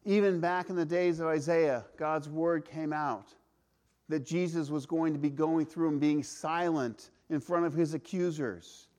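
A man preaches a sermon in a high voice for a man. He is earnest and emphatic, stretching key words slowly and asking the listener question after question. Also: a little mellow. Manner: earnest, emphatic, varies pace, rhetorical questions. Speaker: pastor.

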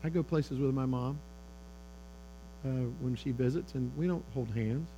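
A man's voice: medium pitch, normal speed, highs cut off. A middle-aged man giving a conversational talk to parents, telling stories and acting out the lines of the people in them. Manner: conversational, animated storytelling with quoted dialogue. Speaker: speaker on fatherhood. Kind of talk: sermon-style talk to parents. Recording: faint electrical hum.

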